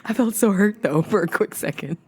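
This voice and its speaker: A woman's voice: mid-range voice, brisk, a little mellow, slightly rough. A young woman co-hosts a casual podcast. She tells loose, rambling stories and acts out the voices of the people in them as she goes. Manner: storytelling, acts out quoted voices. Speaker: podcast co-host. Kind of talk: casual chat.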